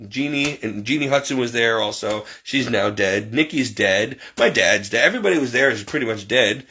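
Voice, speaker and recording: A man from Connecticut telling a rambling, animated personal story, acting out what others said. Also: medium pitch, husky. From Connecticut, USA. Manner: rambling, animated, acts out quotes. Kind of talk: personal anecdote monologue.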